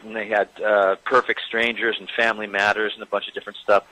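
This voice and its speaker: A man interviewed about his acting career, telling stories in a hesitant, self-deprecating way with lots of pauses. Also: fairly low pitch, flat delivery, background noise. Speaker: actor recalling a career. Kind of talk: casual interview anecdote.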